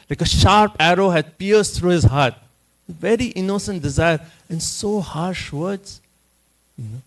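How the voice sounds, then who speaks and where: The audio is poor in this clip of a fairly high-pitched man teaching scripture at a temple. He recounts the story with lots of energy and keeps checking in with listeners through "you know" and "right?".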